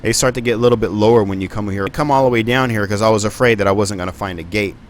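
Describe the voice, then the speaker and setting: A man's voice: on the low side, racing, a little hiss or hum. A man giving live stream commentary on a flight simulator, rambling and thinking aloud with plenty of ums and uhs.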